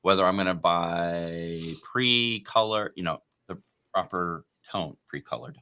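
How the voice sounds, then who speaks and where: Low, bright-toned male podcast host; rambling, animated casual chat. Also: a little slow, smooth. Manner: rambling, animated, lots of fillers.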